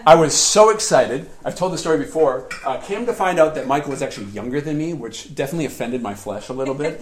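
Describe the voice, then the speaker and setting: A man preaching a sermon in a lively storytelling way, often laughing as he tells personal stories. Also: a little high, a little fast, crowd noise. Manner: animated, laughs often while telling stories. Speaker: pastor.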